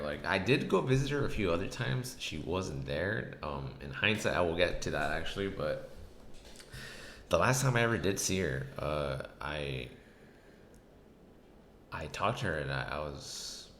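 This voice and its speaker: Brief: very deep, gravelly male host, hesitant and reflective, in an echoey room. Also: lively intonation, normal speed, fairly bright tone, slight background noise. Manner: hesitant and reflective, many restarts. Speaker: podcast host. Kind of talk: casual storytelling chat.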